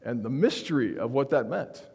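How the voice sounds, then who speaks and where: A man's voice: mid-range voice, lively intonation, normal speed, creaky, darkish tone, slightly rough. Earnest preaching man in an echoing sanctuary. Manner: earnest, emphatic preaching with frequent restarts. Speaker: pastor. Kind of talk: sermon. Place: church sanctuary.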